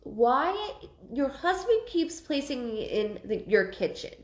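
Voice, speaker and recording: A woman's voice: fairly high pitch, very animated, slow, roomy sound. A woman giving a live psychic reading, rambling and repeating herself with many ums. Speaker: psychic medium.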